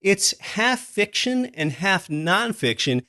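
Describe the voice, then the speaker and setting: A man's voice: sits high, very animated, slow, pushed and bright. A man hosting a podcast, interviewing a guest and then talking to listeners in an earnest, recommending way. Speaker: podcast host.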